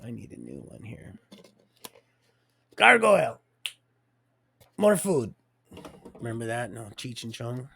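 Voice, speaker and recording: Gravelly guy rambling on a stream, lots of restarts, talks about god and dreams. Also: medium pitch, big pitch swings, brisk, few pauses, a little hiss or hum. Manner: rambling, restarts often, religious talk. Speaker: livestreamer. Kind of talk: rambling personal monologue.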